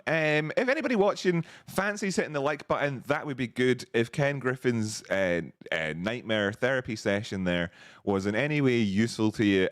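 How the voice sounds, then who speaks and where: A man's voice: on the low side, a bit bright, no room sound, studio quality. A man hosting a live stream, chatting casually, laughing often and reading out viewers' messages. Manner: chatty, laughs often, reads chat aloud.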